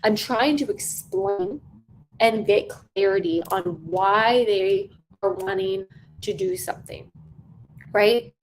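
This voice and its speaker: A woman's voice: mid-range voice, slow, a little hiss or hum, poor audio. Woman coaching with emphatic repetition. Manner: emphatic, repeats key phrases for stress; conversational, checks in with "right?". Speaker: sales trainer. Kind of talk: coaching lesson on sales calls.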